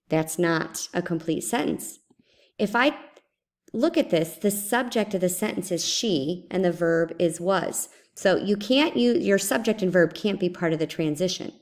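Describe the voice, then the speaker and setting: Woman teaching in a screencast, low-pitched. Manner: explains step by step, repeating example sentences aloud. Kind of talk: screencast lesson.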